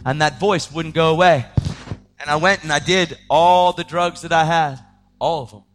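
A man preaching his testimony in a dramatic storytelling style, swinging between loud outbursts and hushed tones. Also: fairly high pitch, normal speed. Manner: acts out the voices of people in his story. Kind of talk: testimony sermon.

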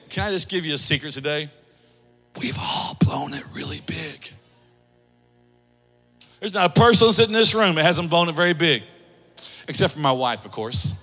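A male pastor preaches in a high, bright voice, moving from hushed asides to animated quoted voices. His sermon rings out in a hall with a long reverb tail. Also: moderate pace, long pauses. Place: church hall.

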